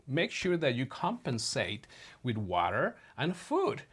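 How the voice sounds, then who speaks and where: Chatty man telling a story to viewers. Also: medium pitch. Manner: chatty, addresses viewers as friends, many fillers. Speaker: vlogger. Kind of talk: casual storytelling to camera.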